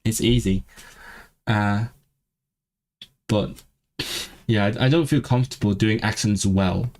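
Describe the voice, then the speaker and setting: A man's voice: lowish voice, fairly even intonation, takes it slowly, a little mellow. A man streaming live, chatting casually with a vaguely southern British accent and many stumbling restarts. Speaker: language-learning streamer. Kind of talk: casual livestream chat. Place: lives in northwest England.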